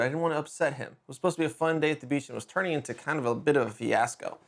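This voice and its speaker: A middle-aged man hosting a podcast, telling a story in a casual, conversational way with quick restarts and lively emphasis. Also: mid-range voice. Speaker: podcast host.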